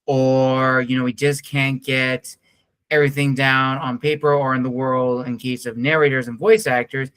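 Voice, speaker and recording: A man's voice: mid-range voice, flat delivery, fairly bright tone, clean tone. Polite man hosting an interview. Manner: measured, polite, formal phrasing. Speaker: interview host. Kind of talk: interview questions.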